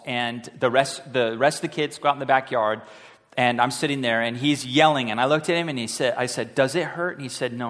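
A man, a high school pastor, preaching a sermon as an animated story, acting out the voices of the people he quotes. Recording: long hall reverb.

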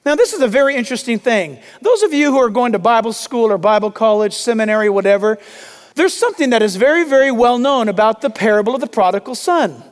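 Pastor guy preaching loud and urgent, really high voice, big echoey hall. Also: lively intonation, fast. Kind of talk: sermon.

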